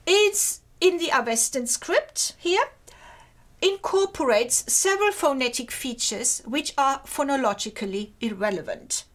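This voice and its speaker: Slow high-voiced woman lecturing. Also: fairly bright tone. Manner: careful, measured, slows to recite ancient verse. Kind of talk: academic lecture.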